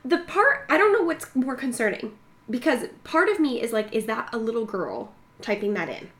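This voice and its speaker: A woman's voice: fairly high pitch, big pitch swings, moderate pace. A young woman co-hosting a podcast, telling stories with lots of laughter, acting out quotes and swearing freely. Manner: storytelling with bursts of laughter, acts out quotes. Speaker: podcast co-host. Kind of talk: casual chat.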